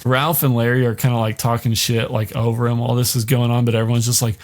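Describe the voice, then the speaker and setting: A man's voice: medium pitch, little pitch movement, fast talker, few pauses. A man hosting a podcast, casually recapping a miniseries in a loose, rambling way with lots of fillers and swearing. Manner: rambling, heavy use of "like", swears freely. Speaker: podcast host.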